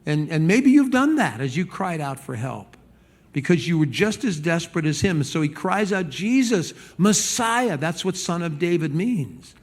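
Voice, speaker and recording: A man preaching a sermon as pastor, animated and conversational, stumbling over repeated words and acting out the people he quotes. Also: fairly high pitch, moderate pace.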